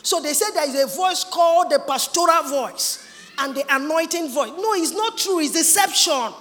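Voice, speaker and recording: A woman preaching a sermon in an emphatic, animated way, often mimicking other people's voices. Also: sits high. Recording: long hall reverb.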